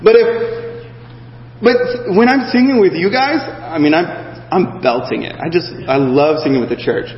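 A man preaching a conversational sermon, animated and full of fillers, acting out the voices of the people in the story. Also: fairly high pitch, normal speed. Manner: animated, acts out voices of the disciples with many fillers. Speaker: pastor. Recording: echoey hall, slightly dull sound.

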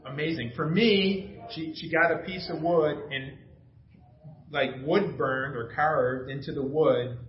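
A man's voice: on the high side, takes it slowly, a little hiss or hum. A middle-aged man preaching a casual, enthusiastic sermon, telling family stories with laughter. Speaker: pastor. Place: church sanctuary. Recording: echoey dull church recording.

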